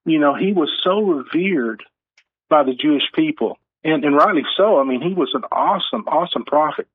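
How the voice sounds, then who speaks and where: Over tinny phone-line audio, an author tells stories in an earnest conversational interview, acting out the quotes. His voice is a little high and husky, brisk, with lively intonation, and there's no room sound.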